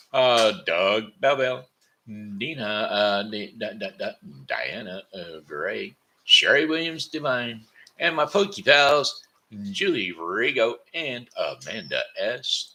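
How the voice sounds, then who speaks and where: A man's voice: fairly low pitch, big pitch swings, takes it slowly, bright, forceful tone. A tired man hosting his own daily broadcast from home, rambling, repeating words and correcting himself. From Missouri, United States. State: tired, sleepy. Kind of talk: rambling casual monologue.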